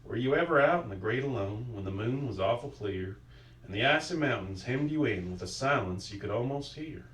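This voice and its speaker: A man's voice: mid-range voice, lively intonation, a little fast, fairly bright tone, natural voice. A man doing a drawling old cowboy storyteller. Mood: dramatic. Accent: put-on American Southern drawl. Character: gruff old frontier cowboy storyteller, male. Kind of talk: dramatic poetry reading. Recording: roomy, distant mic.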